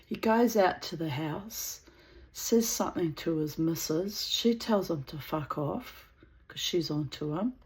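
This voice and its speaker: Woman vlogger, unhurried and low-pitched, blunt, profane storyteller. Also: a little mellow. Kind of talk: storytelling to camera.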